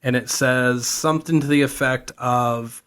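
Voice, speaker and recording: A podcast co-host with a mid-range, clear, resonant and slightly bright voice speaks in a steady tone, a little slowly. In casual chat he tells a TV plot at length, rambling and acting out the characters' lines.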